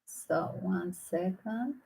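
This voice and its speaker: A woman's voice: lowish voice, drawn-out words, vocal fry, darkish tone, poor audio. A woman tarot reader talking through a rambling, opinionated vlog commentary, emphatic and full of restarts.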